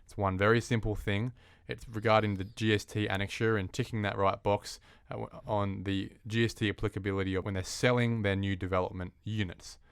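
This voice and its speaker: Fast-talking podcast host. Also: male voice, fairly low pitch, little pitch movement, creaky, clear, resonant tone, no room sound, studio quality. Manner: brisk, prompting questions. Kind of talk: casual podcast interview.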